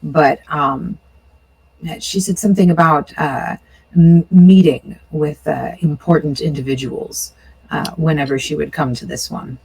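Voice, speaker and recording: A woman running a tabletop role-playing game as game master, narrating in a relaxed way with lots of ums and uhs. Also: sits low, measured pace, vocal fry, slightly rough, low-quality recording. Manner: relaxed, hesitant with many fillers.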